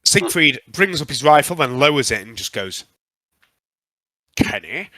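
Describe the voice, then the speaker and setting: A man running a tabletop game as game master, narrating with frequent um pauses. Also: on the high side, expressive, pushed and bright, no echo.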